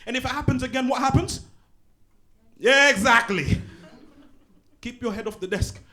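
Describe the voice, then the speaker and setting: A man's voice: very high voice, normal speed, pushed and bright, voice pushed up. A man voicing a strict male schoolteacher scolding a class in a sarcastic, barking way. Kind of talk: stand-up character bit. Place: small comedy pub venue, live audience.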